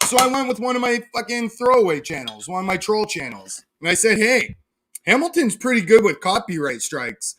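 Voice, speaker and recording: A man's voice: high voice, big pitch swings, normal speed, noisy background. A young man from Canada ranting mockingly on a casual livestream, swearing and laughing at his own jabs. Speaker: live streamer.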